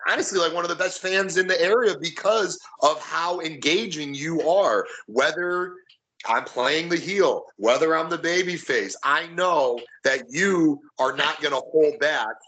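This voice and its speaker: A man's voice: on the high side, measured pace, bright, forceful tone, low-quality recording. A man being interviewed as a guest, talking earnestly and repeating words as he gathers his thoughts. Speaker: interview guest, local wrestler. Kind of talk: casual interview chat.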